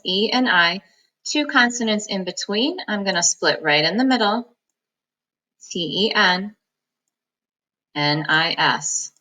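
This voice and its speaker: A woman reading teacher giving a phonics lesson, slowly breaking words into syllables and sounds in a patient, encouraging manner. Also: fairly low pitch, sharp tone, low-quality recording.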